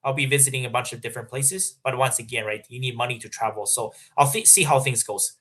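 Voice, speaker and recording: A young man hosts a casual livestream, reading super chats and answering them off the cuff. His voice is mid-pitched, and his talk is halting, full of fillers and restarts. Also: fairly even intonation, fairly bright tone. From Canada. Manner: halting, many fillers and restarts, laughs often. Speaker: livestream host.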